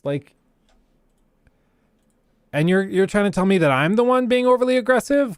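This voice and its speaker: A man's voice: high voice, expressive, normal speed, pauses often, clear, resonant tone, no echo, studio quality. A man hosting a casual livestream, ranting bluntly and sarcastically to his chat. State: keeps choking on throat. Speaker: livestream host.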